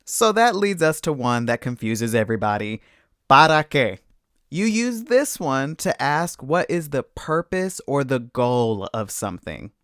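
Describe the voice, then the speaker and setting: A man teaching a Spanish lesson, explaining patiently and clearly with lively emphasis. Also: medium pitch, unhurried, no echo, clean studio sound. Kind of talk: scripted language lesson.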